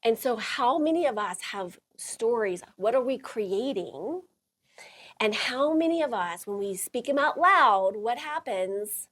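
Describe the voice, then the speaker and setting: Husky, lively woman telling a story. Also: on the high side, unhurried. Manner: lively, laughs often, acts out quotes. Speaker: host. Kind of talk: storytelling talk to a small audience.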